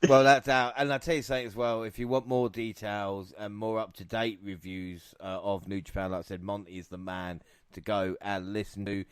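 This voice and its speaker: A man's voice: on the low side, flat delivery, brisk, hardly any pauses, clear, resonant tone, no room sound. A man hosting a podcast in casual chat, joking, laughing and swearing freely. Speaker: podcast host.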